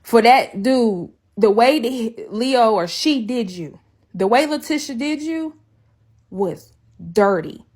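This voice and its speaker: On a livestream, a woman tells her side of a breakup in a slightly high, somewhat mellow voice with lively intonation and a slow pace. She's casual, blunt and profane, repeating her points to drive them home.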